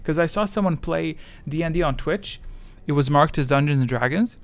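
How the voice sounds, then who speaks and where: A man's voice: fairly high pitch, moderate pace. A man chatting casually on his livestream, rambling and self-deprecating as his thoughts wander. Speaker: streamer.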